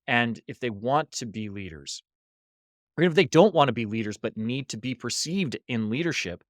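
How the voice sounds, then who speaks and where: Speaking at normal speed with a medium pitch, a man on a podcast recounts a story about leadership workshops in a casual interview from a hostel room. He's an animated storyteller who acts out the quoted voices. The recording is dry and clean, studio-style.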